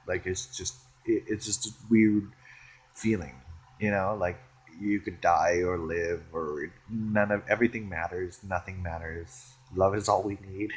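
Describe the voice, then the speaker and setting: A man rambling in a solo vlog, playful and giggly, swinging between excited bursts and hushed musing. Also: lowish voice, husky. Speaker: vlogger.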